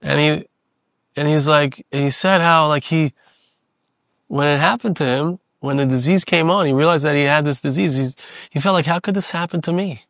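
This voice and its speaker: Male lecturer, fairly high voice, earnest, repeats for emphasis, dry close sound. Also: moderate pace, fairly bright tone, dry recording. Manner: earnest, repeats phrases for emphasis, weaves in Hebrew terms. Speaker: Torah teacher. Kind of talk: Torah lecture.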